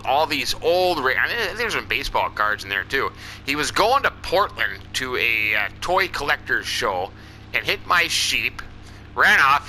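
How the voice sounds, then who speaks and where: A man's voice: medium pitch, pushed and bright, slight background noise, rough recording. A man playing a farming game in character as a farmer, commenting in a folksy, rambling way. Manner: folksy and rambling, with lots of "I tell ya" and "you know". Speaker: farming game let's-player. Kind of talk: in-character role-play commentary over gameplay.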